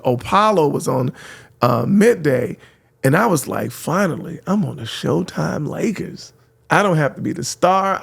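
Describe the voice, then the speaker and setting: A middle-aged man from San Francisco, a radio host telling lively stories, acting out voices and laughing often. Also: a little high, vocal fry, husky. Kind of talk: animated storytelling.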